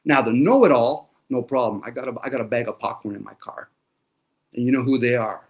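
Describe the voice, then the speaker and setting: Guy ranting hard, swears a lot, sarcastic, mid-pitched voice. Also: fast. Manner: blunt, profane ranting. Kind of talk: casual conversation.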